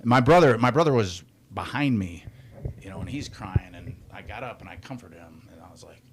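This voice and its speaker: A man in his forties with a somewhat low voice, talking as a podcast guest. He is blunt and swears freely, yet reflective and candid about his feelings. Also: lively intonation, a little fast, slight background noise. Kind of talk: candid casual chat.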